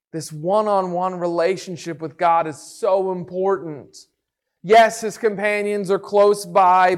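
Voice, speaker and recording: High-voiced man preaching slowly. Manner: earnest, emphatic repetition. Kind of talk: devotional Bible teaching.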